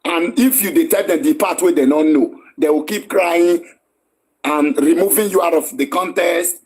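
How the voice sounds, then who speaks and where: A man's voice: a little high, normal speed, darkish tone, slightly rough. A Nigerian man hosting a live stream, scolding and arguing in a heated, repetitive way.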